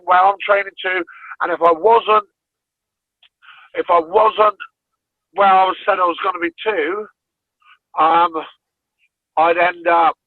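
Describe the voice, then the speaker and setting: A man's voice: high-pitched, no echo. Sweary man on a tinny line. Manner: blunt, sweary, laughing storyteller. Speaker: podcast guest, fighter. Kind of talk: casual storytelling. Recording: dry, phone-like narrow sound.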